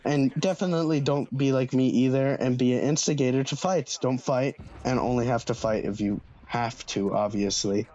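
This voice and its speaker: A man's voice: mid-range voice, fairly even intonation, moderate pace, hardly any pauses, warm tone, highs cut off. Casual slangy young man telling a story. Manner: casual, swearing freely, slangy. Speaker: vlogger. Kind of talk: storytime vlog.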